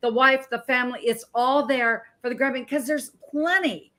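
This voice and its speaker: A woman in her sixties with a fairly high voice hosts an interview show. She asks questions with enthusiasm, circling and rambling as she goes. She works as a health coach. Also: moderate pace, a bit bright. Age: 60s. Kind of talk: interview hosting.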